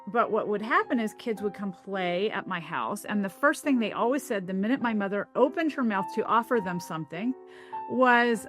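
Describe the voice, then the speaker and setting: A woman from the American South, a linguist, talks through her memories and explains her ideas in a thoughtful, explanatory way. Her voice sits at a middling pitch for a woman. Soft music plays faintly behind her. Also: lively intonation, normal speed. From American South (Tennessee). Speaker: linguist, interview guest. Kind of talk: reflective interview storytelling.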